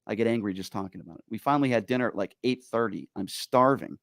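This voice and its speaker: A man hosting a talk radio show, telling stories in an animated, exasperated way. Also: lowish voice, quick pace, gravelly, dry recording, studio quality. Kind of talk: casual talk radio chat.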